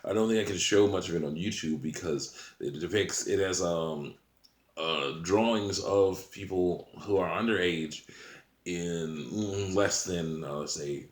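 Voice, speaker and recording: Low-voiced man rambling in an echoey room. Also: a little slow. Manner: rambling, chuckles often between sentences. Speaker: channel host. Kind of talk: casual monologue to camera. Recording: roomy echo.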